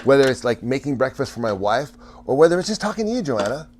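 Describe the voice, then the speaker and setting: A man's voice: mid-range voice, big pitch swings, fast, darkish tone, a little hiss or hum. Rambling, stammering male livestream host. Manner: rambling, stammers and restarts, laughs often. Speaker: livestream host chatting with viewers. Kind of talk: casual livestream chat.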